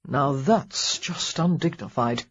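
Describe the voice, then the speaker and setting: A woman reading an audiobook, voicing a gentle, dryly humorous young English gentleman in a low, soft, slow voice. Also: husky, muffled recording, exaggerated voice. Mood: wry.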